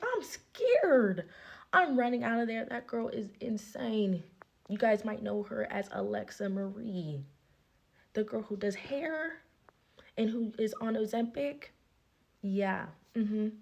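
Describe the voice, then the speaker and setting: Gravelly, husky woman telling a story. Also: medium pitch, measured pace, darkish tone. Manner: blunt and indignant. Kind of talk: casual storytime.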